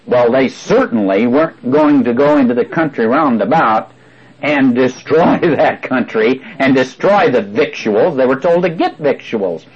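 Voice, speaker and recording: A man's voice: medium pitch, lively intonation, measured pace, husky, dull audio. A man preaching a sermon, explaining and repeating words for emphasis, with frequent fillers.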